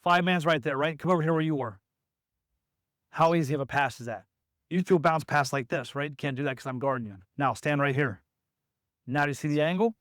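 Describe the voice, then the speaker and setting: A man with a high voice running a basketball practice, recorded close and dry. He calls out drills and instructions and breaks into the shouts he wants his players to use on the court. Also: a little fast, no room sound. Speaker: basketball coach. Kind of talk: coaching at practice.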